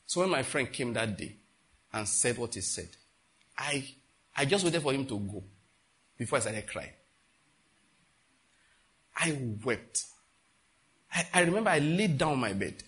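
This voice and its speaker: Animated Nigerian man preaching a sermon. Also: medium pitch, a little slow, pauses often. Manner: animated storytelling, acts out dialogue with sudden loud outbursts. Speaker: pastor.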